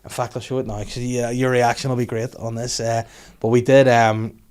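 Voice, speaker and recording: A young man hosting a podcast, telling rapid, animated stories full of laughter and sweary acted-out inner voices. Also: medium pitch, clear, resonant tone. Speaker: podcast host. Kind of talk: casual chat, storytelling.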